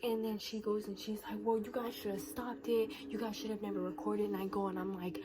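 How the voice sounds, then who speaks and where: A woman's voice: mid-range voice, fairly quick, hardly any pauses, a crowd in the background, rough recording. A teenage girl retelling a school confrontation as a vlog storytime, acting out the quoted lines. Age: teens. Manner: animated retelling, acts out quoted dialogue. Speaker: vlogger.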